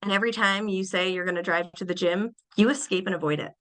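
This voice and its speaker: Young woman presenter, bright and lively, acts out examples in small voices during a webinar lecture. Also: medium pitch, fast talker, low-quality recording. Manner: animated, acts out little scenes in changed voices. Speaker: behavior analyst presenter.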